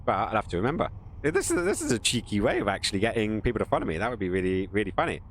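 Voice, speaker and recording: A man's voice: on the low side, big pitch swings, very fast, slight background noise. A man giving casual, rambling live-stream commentary while playing a game, joking with his viewers. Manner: rambling, jokey, chatting to viewers.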